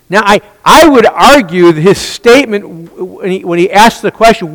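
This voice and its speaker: A man's voice: sits high, expressive, moderate pace, hardly any pauses, fairly bright tone, long reverb tail, low-quality recording. A man teaching a Bible study, asking rhetorical questions and answering them himself, often restarting and repeating words.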